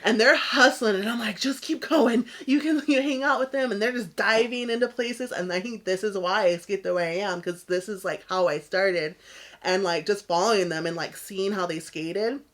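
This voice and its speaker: A woman co-hosting a podcast, telling a story in casual chat, laughing often and acting out other people's lines in a higher voice. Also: fairly even intonation, normal speed, fairly bright tone. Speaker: podcast co-host.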